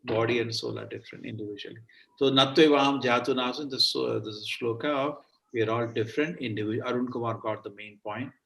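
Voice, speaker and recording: Gravelly man teaching a scripture class. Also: medium pitch, quick pace, far from the mic, poor audio. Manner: animated, explains with questions to students.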